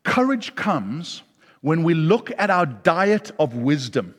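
A middle-aged man preaching a sermon, animated, rising loud and then dropping soft. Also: fairly high pitch, slow pace. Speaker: pastor. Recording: long hall reverb.

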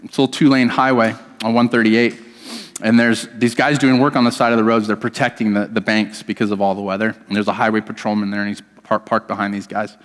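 A pastor delivering a sermon to his church, telling a personal story with animated, self-deprecating humor. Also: fairly low pitch, quick pace. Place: church hall. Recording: reverberant church hall.

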